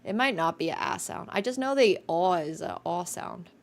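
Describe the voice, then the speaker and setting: Young woman streamer, gravelly edge, loose rambling chat with fillers. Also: fairly low pitch, expressive, normal speed. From Finland. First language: Finnish. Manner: chatty, rambling, many restarts and fillers. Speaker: chess streamer.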